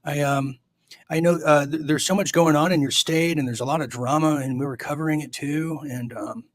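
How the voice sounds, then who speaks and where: A man's voice: a little high, steady tone, a little fast, no echo. A man hosting a casual live stream, joking with a caller and stammering through restarts, hot and sweating. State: sweating from heat. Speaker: host.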